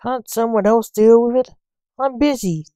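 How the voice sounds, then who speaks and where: Woman voicing a cranky older male doctor, impatient, snappy complaints, slow mellow delivery, dry sound, storybook reading. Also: a little high, expressive, no echo, voice pushed up. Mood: irritable.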